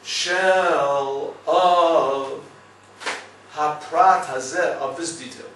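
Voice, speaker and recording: A man giving a lively Torah class, telling stories and checking with listeners as he goes. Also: fairly high pitch, very slow, very echoey, distant mic, slight background noise, rough recording. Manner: storytelling, lively, asks listeners "right?". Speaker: rabbi teaching a class.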